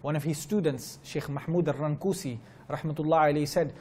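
A man with a fairly high voice gives a religious lecture at a teaching gathering. He tells stories earnestly, repeats his key phrases for weight, and slips into fluent Arabic recitation. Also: fairly even intonation, a little fast, a little mellow, slight background noise. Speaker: Islamic teacher giving a talk.

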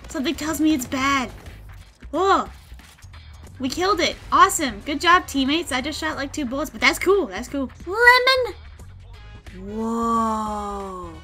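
A young woman giving casual commentary while playing a video game, quick to get excited, squeal and laugh. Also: sits high, faint music behind. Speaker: gaming video host. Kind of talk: live gameplay commentary.

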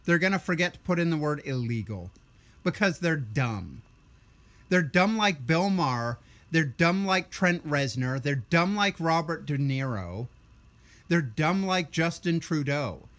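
A man's voice: on the high side, animated, measured pace, a bit bright. A tired young man ranting bluntly and sarcastically in a political vlog. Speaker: vlogger.

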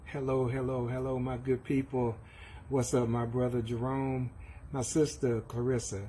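A man delivers a rhyming church tribute in an even, measured cadence. A faint hiss sits under the recording. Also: medium pitch, low-quality recording. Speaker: church member giving a tribute. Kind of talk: recited tribute poem.

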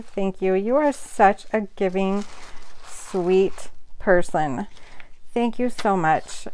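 An older woman vlogging casually as she opens happy mail, gushing and excitable, often squealing with delight and getting emotional. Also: fairly low pitch, clear, resonant tone. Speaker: budgeting vlogger.

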